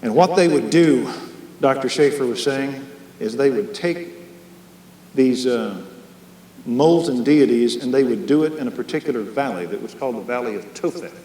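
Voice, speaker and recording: Impassioned preacher in an echoey hall. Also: male voice, medium pitch, normal speed. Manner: impassioned, swings from hushed to shouting; leads a closing prayer. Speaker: Bible study teacher. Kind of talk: sermon. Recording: echoey hall, faint hum, 1990s.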